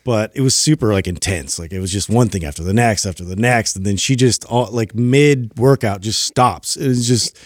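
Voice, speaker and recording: A man's voice: fairly low pitch, moderate pace, hardly any pauses, no room sound, studio quality. Man telling a rambling self-deprecating story. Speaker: podcast co-host, former personal trainer. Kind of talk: casual storytelling chat.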